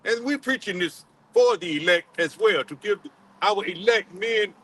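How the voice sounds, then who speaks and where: High, bright-voiced halting preacher man. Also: poor audio. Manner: halting, repeats words, many fillers, calls on a reader. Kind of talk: street-style sermon with scripture reading.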